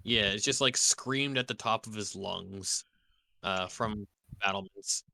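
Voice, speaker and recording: A male game master narrates a tabletop session slowly, stopping to hunt for words and correct himself. His voice is bright and forward. The sound is dry and close. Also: lowish voice, gravelly, no room sound. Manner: halting, full of ums and self-corrections.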